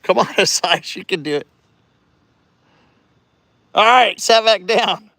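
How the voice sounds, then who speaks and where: A man with a somewhat high voice chats casually into his phone outdoors on a residential street, coaching and cheering a child between long, halting rambles full of restarts. The sound is dry and close, with no echo around him. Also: gravelly, pushed and bright. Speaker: vlogger livestreaming. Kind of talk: casual live-stream chat.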